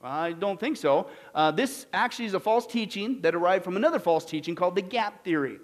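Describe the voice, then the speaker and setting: High-voiced emphatic male preacher. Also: expressive, fairly quick. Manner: emphatic, asks the audience questions. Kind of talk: sermon-style Bible teaching.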